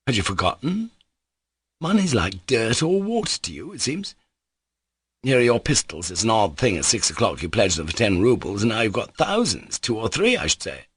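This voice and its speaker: A man's voice: on the low side, big pitch swings, normal speed, fairly bright tone, husky, no room sound, clean studio sound, exaggerated voice. A man voicing a wary, sensible young official in an audiobook reading, questioning and reproachful.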